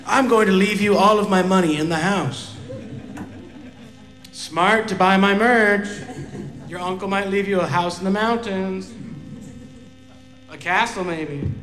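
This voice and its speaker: Comedian doing a sloppy, sentimental uncle bit, raised pitch, echoey club. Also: male voice, fairly bright tone. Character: rambling middle-aged uncle who loves old rock. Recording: echoey live club with reverb.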